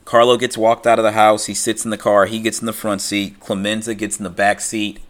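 A man's voice: fairly low pitch, level tone, brisk. A man retelling a film plot in loose, conversational talk, full of fillers and restarts. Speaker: film recap commentator.

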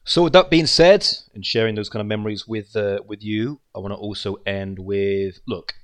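A man with a lowish voice gives a loose, heartfelt spoken tribute. He wanders from story to story, often dropping to a quiet trail at the ends of his thoughts. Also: moderate pace. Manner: rambling storyteller, trails off softly. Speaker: creator of an online wrestling show.

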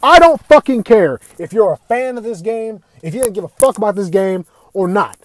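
A man with a high-pitched voice tears into his audience in a furious rant, swearing with nearly every sentence. His voice is dry and close, with no room sound around it. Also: animated, moderate pace, no room sound. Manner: heated, swearing constantly, raising voice at times. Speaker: video ranter. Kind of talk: angry profane rant.

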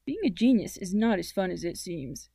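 A woman's voice: lowish voice, expressive, moderate pace, creaky, warm tone, husky, dry recording, clean studio sound, heavily acted. Woman reading as an easygoing teenage boy. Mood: casual. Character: teenage boy, easygoing and teasing best friend.

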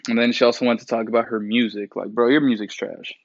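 A man's voice: mid-range voice, level tone, fast, no echo. A young man in his twenties ranting in a casual commentary vlog, blunt and profane, with many fillers and mocking quotes of others. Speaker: commentary vlogger. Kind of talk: casual rant. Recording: dry, slightly dull mic sound.

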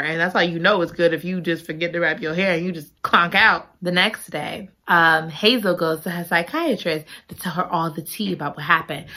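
Chatty bright-voiced woman telling a story. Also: lowish voice. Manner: chatty, slangy, playful asides. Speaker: storyteller retelling a show. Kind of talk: animated storytime chat.

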